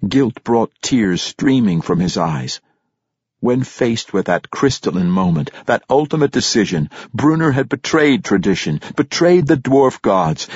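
A man narrating a fantasy audiobook in a measured way, rising to dramatic emphasis on key phrases. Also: mid-range voice, darkish tone, slightly rough, no echo, highs cut off.

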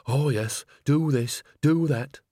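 A man's voice: mid-range voice, slow, dark tone, breathy edge, dry recording, studio quality. A man voicing a gossipy, cheerful old witch woman who bustles and chats slyly in a storybook reading. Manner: bustling, chatty, sly.

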